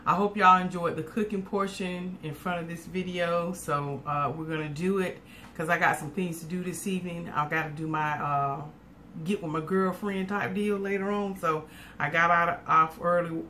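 A woman's voice: fairly low pitch, steady tone, moderate pace, sharp tone, a little hiss or hum. A woman, chatting casually with viewers in a folksy cooking and eating vlog from her home kitchen. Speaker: cooking vlogger.

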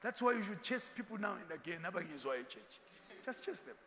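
A bishop preaches in a high, sharp voice, throwing questions to his listeners and telling stories with humour. His sermon rings with long reverb through a church hall, over faint background noise. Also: very animated, fairly quick. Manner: call-and-response preaching with rhetorical questions; humorous storytelling, laughs often.

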